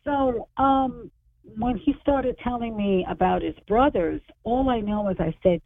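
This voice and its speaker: A woman's voice: fairly high pitch, unhurried, creaky. A woman in her sixties, an author guest on a radio show, telling her story animatedly and acting out the voices of people she quotes. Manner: animated, acts out quoted dialogue. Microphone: phone. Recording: tinny phone line.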